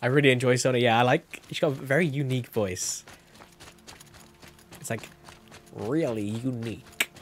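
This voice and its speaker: A man's voice: mid-range voice, normal speed, pauses often, soft background music. A young man chatting casually while streaming a game, rambling and correcting himself as he goes. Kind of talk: casual gameplay commentary.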